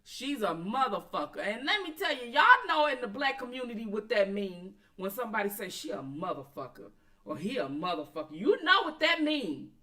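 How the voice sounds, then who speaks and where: A woman's voice: mid-range voice, big pitch swings, a little fast, pushed and bright. A woman hosting a casual commentary stream, blunt and profane, talking straight back to her chat. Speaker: commentary channel host.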